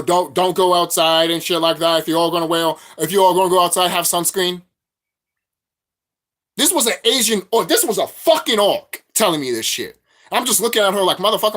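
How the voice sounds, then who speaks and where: Profane ranting man, lively pitch. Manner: profane, repetitive, preachy. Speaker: vlogger. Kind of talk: spiritual rant monologue.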